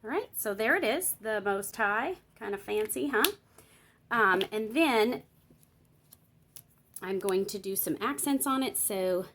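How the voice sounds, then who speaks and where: A woman's voice: medium pitch, fairly bright tone. A woman giving a casual tutorial on Bible journaling, chatting and thinking aloud while she works, explaining each step and checking in with her viewers.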